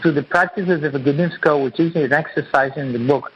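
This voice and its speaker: A man's voice: on the high side, quick pace, a bit bright, a little hiss or hum. Earnest man explaining on a dull radio line. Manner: earnest, repetitive, teacherly. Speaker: guest author and acupuncturist. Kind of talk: interview, explaining his teaching.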